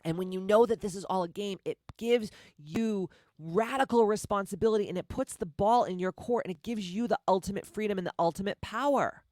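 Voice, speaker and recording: A woman with a deep voice hosting a motivational podcast, blunt, profane and confrontational, firing off repeated rhetorical questions. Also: brisk, hardly any pauses, a little mellow, no room sound, clean studio sound. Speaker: podcast host.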